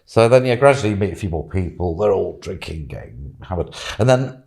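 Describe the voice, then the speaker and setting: A man's voice: low voice, expressive, a little fast, creaky, a little mellow. A man and podcast guest telling a casual, rambling story, chuckling and dropping plenty of "you know"s.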